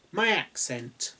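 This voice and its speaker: A man with a posh English accent, hosting a reflective video essay on writing in a musing, digressive way. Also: sharp tone. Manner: musing, digressive, with asides and chuckles. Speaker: writing channel host.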